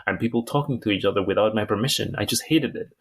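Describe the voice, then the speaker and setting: A man with a low, gravelly voice thinks aloud in a casual film club chat. He pauses often and restarts his sentences as he works through his thoughts. The audio comes over a video call. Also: a bit bright. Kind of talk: casual group discussion.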